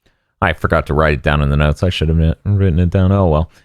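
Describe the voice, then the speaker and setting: A man's voice: extremely low pitch, fairly even intonation, fast talker, darkish tone, dry recording, studio quality. A man hosting a podcast, recapping an episode casually with frequent laughter and swearing. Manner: laughing, profane storytelling. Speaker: podcast host.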